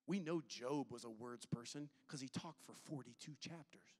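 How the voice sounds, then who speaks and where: A man preaching a sermon in a candid, conversational style, with sudden swings between loud and soft. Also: medium pitch, normal speed, few pauses, big-room sound. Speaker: pastor. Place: church auditorium.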